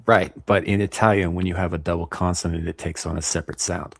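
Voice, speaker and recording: Low gravelly guy explaining stuff, husky voice, dry sound. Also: steady tone, quick pace, no room sound. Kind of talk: casual explaining.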